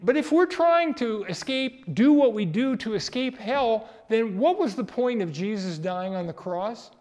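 Emphatic, high-voiced male preacher in a reverberant hall. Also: expressive, a little slow, darkish tone. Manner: emphatic, rising in pitch and volume on key points, chuckling. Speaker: pastor. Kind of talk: sermon.

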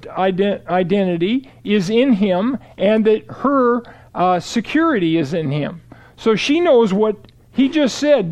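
In a steady, explanatory way, a man teaches from the Bible, working through verses and reading scripture aloud. His voice is high-pitched and the audio sounds dull.

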